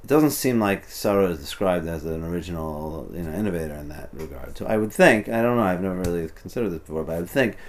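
A man's voice: sits low, animated, fast talker, hardly any pauses. A man teaching an informal text study, translating passages and explaining them as he goes, often restarting and adding "you know". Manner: thinks aloud, restarts, many "you know"s. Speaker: Torah teacher.

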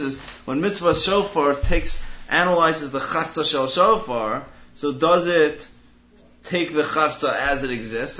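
A man's voice: medium pitch, sharp tone. A man giving a Talmudic lecture, reasoning aloud analytically and restarting phrases as he works through the logic. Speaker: Talmud teacher. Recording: dull lo-fi recording with faint hiss.

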